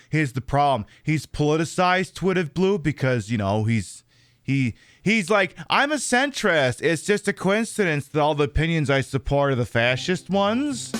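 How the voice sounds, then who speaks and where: A man's voice: fairly high pitch, fairly bright tone, clear, resonant tone, dry recording. A man chatting casually on a live game stream, rambling and sardonic.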